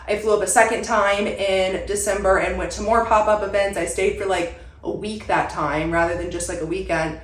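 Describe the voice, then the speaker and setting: A woman's voice: medium pitch, fairly even intonation, fairly quick. A young woman chatting casually to her viewers from a room at home, rambling and filling her talk with "like". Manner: chatty, rambling, lots of "like" fillers. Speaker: content creator. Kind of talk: casual vlog chat. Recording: roomy echo.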